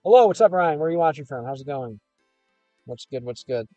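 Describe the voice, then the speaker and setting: A young man from Chicago talks in a slightly high voice, rambling loosely through viewer comments on a casual livestream from his car. His words sound close and dry, with soft music playing faintly underneath. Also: lively intonation, a little fast, dry recording, dull audio. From Chicago, United States. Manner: rambling and loose, with frequent fillers and restarts. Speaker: gaming and language streamer.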